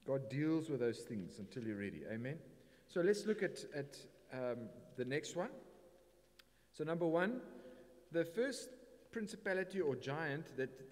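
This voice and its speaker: A man's voice: fairly high pitch, darkish tone. A man with a South African English accent preaching a sermon with emphatic bursts and occasional Afrikaans asides. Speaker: pastor. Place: church hall. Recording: reverberant church hall.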